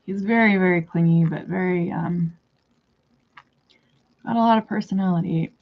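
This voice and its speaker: A woman's voice: on the low side, normal speed, phone-quality sound. A woman talking to her pet bird in a casual vlog, coaxing it in a sing-song baby-talk voice, recorded at home. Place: home room by a window.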